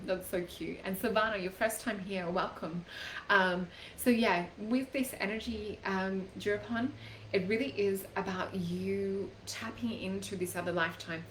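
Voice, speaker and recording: A woman hosting a live psychic reading show, talking gently and casually with lots of fillers like "like" and "um". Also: medium pitch, steady tone, unhurried. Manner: gentle, chatty, many fillers like "like" and "um". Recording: echoey room, faint background noise.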